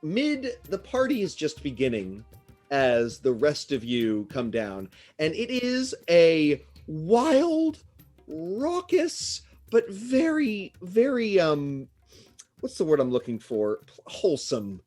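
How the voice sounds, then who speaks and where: Man, game master, lively swooping voice, fairly high, playful asides. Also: slow pace, soft background music. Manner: animated, chatty narration with playful asides. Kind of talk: narrating a tabletop game.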